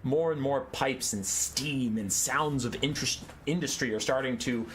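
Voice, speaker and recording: A man narrating a story and then giving lively play-by-play commentary on a strategy game battle. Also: mid-range voice, moderate pace, a little hiss or hum.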